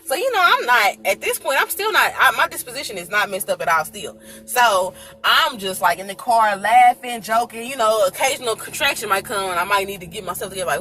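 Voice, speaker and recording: A woman vlogger telling a personal story in casual chat, animated and laughing, acting out the people she quotes. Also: a little high, fairly quick, soft background music.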